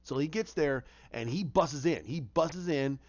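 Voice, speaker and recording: A man excitedly telling a movie idea as a casual story, acting out scenes with sound effects. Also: a little high, measured pace. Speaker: fan pitching a film idea. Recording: muffled lo-fi recording.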